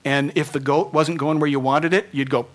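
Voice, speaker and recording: Give me an animated male pastor preaching, with frequent laughs and hushed, near-whispered stretches. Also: fairly high pitch, moderate pace. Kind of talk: sermon.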